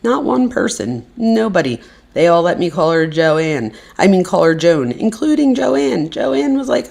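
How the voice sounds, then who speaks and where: A woman's voice: mid-range voice, big pitch swings, normal speed, gravelly, darkish tone. A woman hosting a live stream in casual chat, effusive and chatty with viewers.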